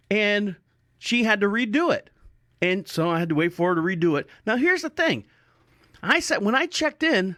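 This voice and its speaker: A man's voice: high-pitched, fairly bright tone, no echo, studio quality. A man hosting a podcast, telling a rambling, jokey story in a casual monologue. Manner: rambling, jokey, self-mocking. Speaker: podcast host.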